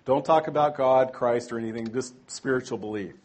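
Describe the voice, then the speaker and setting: A man's voice: medium pitch, a little fast, a little mellow. A man teaching a church training class in a conversational way, tossing in rhetorical asides and correcting himself aloud. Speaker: Bible teacher.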